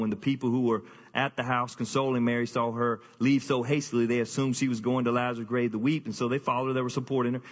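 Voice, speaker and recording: Male pastor, husky voice, lively jokey sermon delivery, long hall reverb. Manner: animated, jokey preaching with sudden high-pitched bursts.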